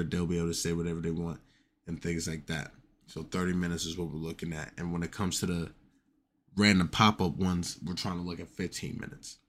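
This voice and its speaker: A man hosting his own podcast, talking loosely and rambling, with lots of "you know". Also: deep voice. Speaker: podcast host. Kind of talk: casual solo podcast talk.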